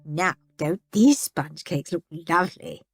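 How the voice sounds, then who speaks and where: A woman's voice: sits low, unhurried, music in the background, voice pushed down. A woman reading an audiobook, voicing a gushing, posh lady judging a cake contest.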